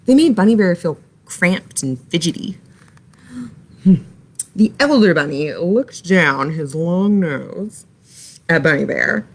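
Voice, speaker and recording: A woman reading a children's story aloud for library storytime, in an expressive, animated way. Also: fairly low pitch, slow pace, long pauses.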